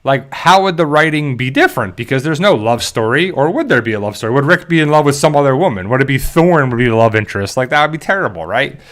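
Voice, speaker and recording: A man from South Jersey in the US, with a fairly high, slightly bright voice, hosts a casual fan discussion on his YouTube show. He rambles with many fillers and restarts while addressing his viewers directly.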